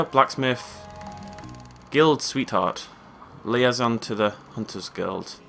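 A man's voice: medium pitch, slow pace, creaky, long pauses, a bit bright, soft background music. A man giving casual, chatty gameplay commentary, wry and talking to himself as he plays. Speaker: let's play gamer.

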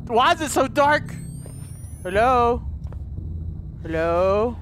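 A man's voice: extremely high pitch, expressive, slow, a bit bright, slight background noise. A man commenting on a horror game he plays, jumpy, swearing and shrieking when startled. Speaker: gaming video host. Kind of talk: let's play commentary. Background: horror game music.

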